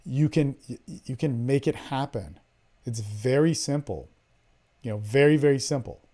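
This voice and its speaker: A man hosting a podcast, coaching listeners on dating in a blunt, profane way, swinging between loud emphasis and low murmurs. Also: normal speed. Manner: animated, acts out his own lines in a hushed voice. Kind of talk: casual coaching talk.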